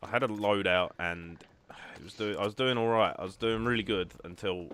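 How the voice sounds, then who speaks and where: A man's voice: on the low side, brisk, a bit bright, a little hiss or hum. A young man hosting a gaming video, chatting casually and self-deprecatingly with lots of ums. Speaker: gaming channel host. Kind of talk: casual gameplay chat.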